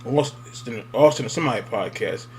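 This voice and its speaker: Male podcast host, mid-pitched, casual and rambling, with faint background noise. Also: moderate pace, a little mellow. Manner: loose, rambling interjections with fillers. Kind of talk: casual chat.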